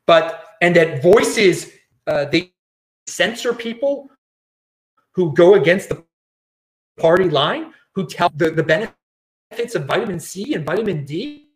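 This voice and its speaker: A man's voice: sits high, big pitch swings, a little slow, long pauses, roomy sound. A man hosting his own show, ranting in casual commentary and often repeating and restarting words. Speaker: show host.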